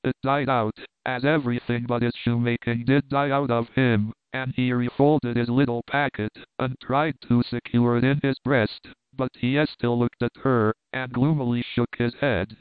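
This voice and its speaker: Guy reading an old novel aloud, steady and measured, dry tinny audio. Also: mid-range voice, smooth, no echo. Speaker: audiobook narrator. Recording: dry tinny phone-like sound.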